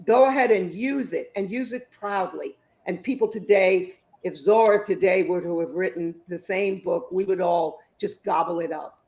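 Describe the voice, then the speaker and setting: A woman in her fifties, an author giving interview answers in an expressive, emphatic storytelling way. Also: fairly low pitch, normal speed, few pauses. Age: 50s. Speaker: author and guest.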